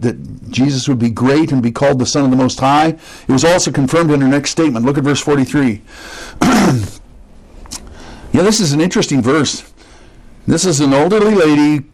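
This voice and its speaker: A man gives a verse-by-verse Bible teaching in a somewhat raised pitch. He stops to explain word meanings and restates his main points for emphasis. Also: low-quality recording. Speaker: pastor.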